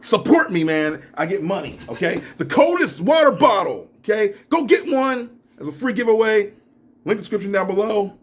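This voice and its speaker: Husky, animated man ranting on camera. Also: high voice, moderate pace. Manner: animated, laughing, ranting, drops into mumbles. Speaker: YouTuber. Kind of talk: reaction video commentary.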